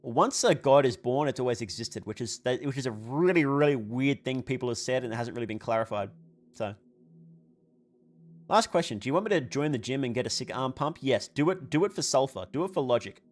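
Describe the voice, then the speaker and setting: A man's voice: mid-range voice, animated, fairly quick. A tired man hosting a livestream, reading chat questions aloud. He rambles, swears casually and laughs often, and his voice is wearing thin. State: tired, voice weakening. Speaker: livestream host answering chat.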